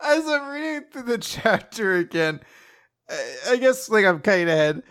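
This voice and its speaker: Lively, laughing co-host chatting about comics. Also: mid-range voice, moderate pace, no room sound, studio quality. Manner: animated, laughs often, acts out shouts. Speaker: podcast co-host. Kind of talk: casual chat about manga.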